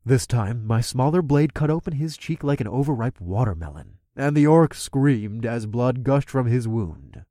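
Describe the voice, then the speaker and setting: Man, audiobook narrator, first person, wry, middle pitch, dry booth sound. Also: animated, normal speed, hardly any pauses, mellow, dry recording.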